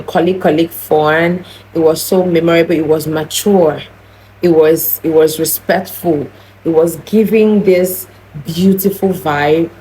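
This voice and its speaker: A young woman speaks in a lowish, warm voice. She recounts a personal story straight to her viewers, earnest and heated. She stumbles into restarts, and a faint hiss sits behind her. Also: poor audio. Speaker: vlogger. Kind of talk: emotional storytime vlog.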